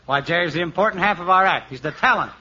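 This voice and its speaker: A man's voice: high-pitched, fast, sharp tone, breathy edge. A man playing the patient straight man in 1940s radio comedy. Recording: dull lo-fi old radio recording.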